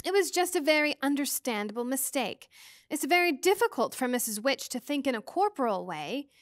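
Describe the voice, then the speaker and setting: A kindly, motherly otherworldly old lady, as a woman reads her aloud, soothing and cheerful in a bright, high voice. The sound is dry and close, like a storybook read at home. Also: big pitch swings, fairly quick, dry recording.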